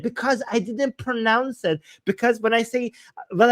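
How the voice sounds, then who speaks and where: A man's voice: high-pitched, animated, brisk, dry recording, studio quality. Angry, profane Iranian man on a livestream. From Iran. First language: Persian. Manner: angry, profane, mocking, loud outbursts. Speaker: livestream host reading super chats. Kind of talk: heated livestream commentary.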